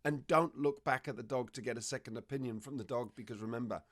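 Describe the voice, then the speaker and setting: A man explaining dog behavior as a trainer, telling lively stories and acting out what dogs and owners say. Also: mid-range voice, fast talker. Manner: animated storytelling, acts out dog and owner voices. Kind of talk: conversational explanation.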